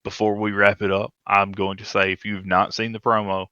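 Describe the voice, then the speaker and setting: A man co-hosting a casual podcast chat, animated and retelling stories at length. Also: lowish voice, brisk, clean tone, no echo, dull audio. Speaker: podcast co-host.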